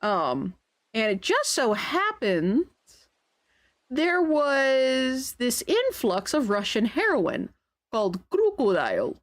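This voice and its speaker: A woman streaming a game, reading its text aloud and telling stories in a chatty, animated way. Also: slow pace. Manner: chatty, animated storytelling with sudden pitch jumps. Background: background music.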